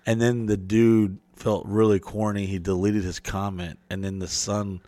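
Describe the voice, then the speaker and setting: A man's voice: on the low side, little pitch movement, normal speed, warm tone, dry recording. A man hosting a podcast, telling rambling, profane stories in casual chat and acting out the people in them. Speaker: podcast host.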